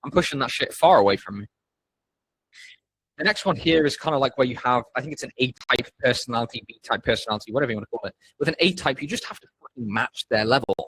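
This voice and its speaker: A man's voice: mid-range voice, animated, fast, fairly bright tone, husky, no echo, low-quality recording. A young man coaching on sales in a casual, blunt, profane way, with a lot of emphasis. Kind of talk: casual instructional talk.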